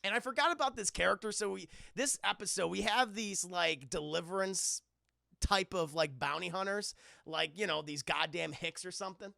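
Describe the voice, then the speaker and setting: A man giving excitable, profane livestream commentary on a cartoon while talking to his chat. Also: sits high, moderate pace, vocal fry, dry recording, clean studio sound. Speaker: streamer reviewing a cartoon.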